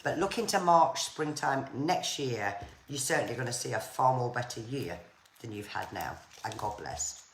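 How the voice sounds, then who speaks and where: A woman, a psychic medium giving live-streamed card and spirit readings in a gentle, repetitive manner. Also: extremely low pitch, animated, moderate pace. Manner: gentle, repetitive, pads phrases with "here" and "there". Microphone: phone or webcam on a live stream. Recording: roomy echo, faint noise.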